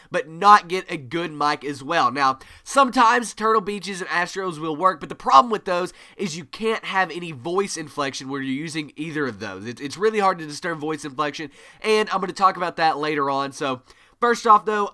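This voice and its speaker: A man giving a gaming tutorial to camera, energetic and always varying his pitch, on a USB desk mic. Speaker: gaming YouTuber. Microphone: USB desk microphone.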